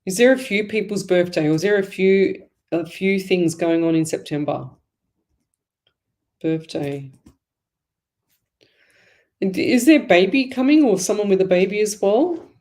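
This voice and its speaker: A woman's voice: mid-range voice, measured pace, long pauses, a little mellow. A woman hosting a live psychic reading show from home, talking in a rambling, chatty way full of fillers and asides. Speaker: psychic medium host.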